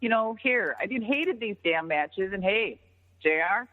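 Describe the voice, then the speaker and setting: Animated woman telling stories over a phone line. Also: mid-range voice, a little slow. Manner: profane, animated, acts out others' lines. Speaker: interview guest, former wrestler. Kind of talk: casual storytelling interview. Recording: tinny phone-line audio with long reverb.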